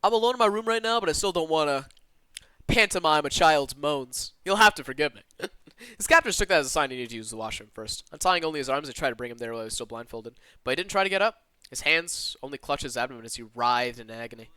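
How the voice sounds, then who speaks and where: A man with a slight Southern US twang, streaming from his own room and reading a visual novel aloud with animated asides. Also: fairly high pitch, clear, resonant tone, dry recording. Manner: animated and expressive, with quick asides to chat.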